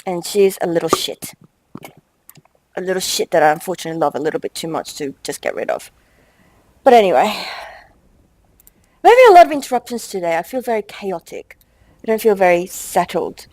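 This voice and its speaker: A young woman hosting a game let's play, chatting with quick exasperated asides and reading game text aloud. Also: on the low side, lively intonation, a little mellow, dry recording, rough recording.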